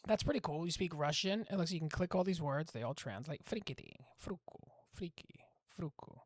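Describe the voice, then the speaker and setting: A man casually explaining his language-learning method to camera, rambling and animated, often cutting himself off mid-word. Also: on the high side, fast. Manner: rambling, animated, self-interrupting, often acts out dialogue.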